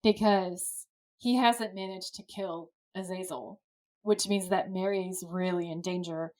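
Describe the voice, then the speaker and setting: A woman co-hosting a podcast, giving a lively, casual play-by-play recap of a TV episode with the odd swear word. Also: lowish voice, unhurried. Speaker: podcast co-host.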